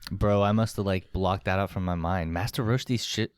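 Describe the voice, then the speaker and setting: A man co-hosting a podcast, chatting casually with loose swearing and loud laughs. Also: low-pitched, normal speed, clean tone, dry recording. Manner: lively, swearing, laughs loudly. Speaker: podcast co-host. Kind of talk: casual chat.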